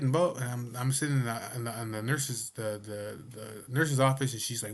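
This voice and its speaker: A man's voice: medium pitch, steady tone, normal speed, vocal fry. Blunt, swearing man telling a story. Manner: blunt, heavy swearing, frequent "you know what I mean". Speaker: vlogger. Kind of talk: casual storytelling to camera.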